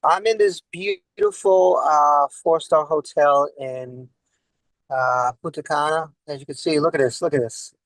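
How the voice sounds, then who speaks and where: A man's voice: a little high, unhurried, no room sound, low-quality recording. A man in his forties doing a rambling stand-up set over a video call from inside his car, peppering it with "all right?" asides. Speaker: stand-up comedian.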